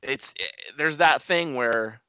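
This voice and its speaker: A man's voice: medium pitch, takes it slowly, sharp tone, clear, resonant tone, dry recording, dull audio. A man co-hosting a podcast, talking about TV shows in a laid-back, casual way with easy swearing. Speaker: podcast co-host.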